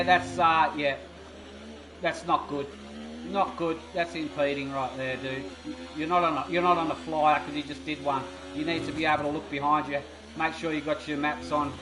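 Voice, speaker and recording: A fairly high-voiced man, calling a sim race in an excitable, rambling way. Engine noise runs clearly under his voice. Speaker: race commentator. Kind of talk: sim racing commentary. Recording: noisy background of engine sounds. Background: racing car engine noise.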